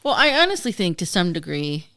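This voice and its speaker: A woman leads a casual podcast chat and keeps the talk moving in a measured way. Her voice is lowish, bright and crisp. The sound is close and dry. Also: big pitch swings, no echo.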